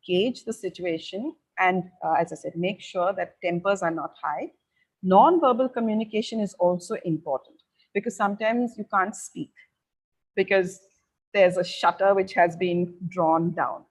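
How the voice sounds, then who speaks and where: A middle-aged woman giving parents measured advice, pausing often on fillers as she explains. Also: medium pitch, low-quality recording. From India. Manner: measured and advisory, with frequent filler pauses. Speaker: parenting educator.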